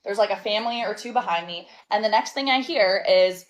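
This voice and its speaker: A woman telling a storytime in a casual, animated and sassy way, exasperated and laughing between lines. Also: medium pitch, a little fast, low-quality recording.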